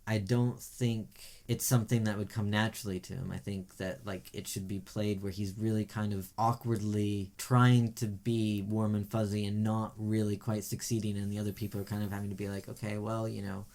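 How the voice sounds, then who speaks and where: Low-voiced man giving opinionated TV critique. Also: little pitch movement, normal speed, hardly any pauses, a little mellow. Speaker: podcast co-host. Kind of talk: casual chat reviewing TV shows.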